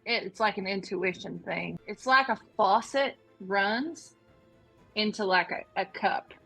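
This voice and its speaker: A woman's voice: medium pitch, slow pace, creaky, sharp tone, slightly rough, faint music behind, low-quality recording. Curt, sarcastic woman player. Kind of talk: in-character talk in a tabletop game.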